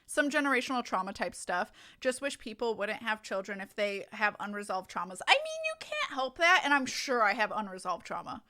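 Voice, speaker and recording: Bright-voiced woman streamer chatting candidly. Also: on the high side, big pitch swings, fairly quick, few pauses. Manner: candid, swears freely, laughs often. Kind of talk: casual chat with stream viewers while gaming.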